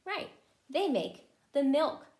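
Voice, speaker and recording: A preschool teacher reading a picture book aloud to young children, her fairly high voice rising and falling with lively expression as she stops to ask them questions. She talks at an unhurried pace, and the sound carries a roomy echo. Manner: animated, asks the children questions.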